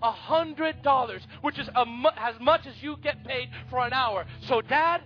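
A man's voice: extremely high pitch, normal speed, highs cut off. A man voicing an eager little boy who pleads with his busy father. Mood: earnest.

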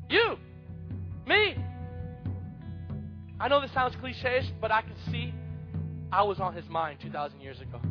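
A man's voice: high voice, highs cut off. A pastor preaching passionately, telling a story and urging his congregation to follow along. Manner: impassioned, calls out to the congregation. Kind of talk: emotional sermon storytelling.

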